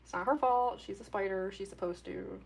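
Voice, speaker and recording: A woman's voice: mid-range voice, a little fast, gravelly, darkish tone. A young woman chatting casually with her viewers during a drawing livestream. She giggles often and talks in a loose, rambling way with lots of fillers. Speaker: artist livestreamer.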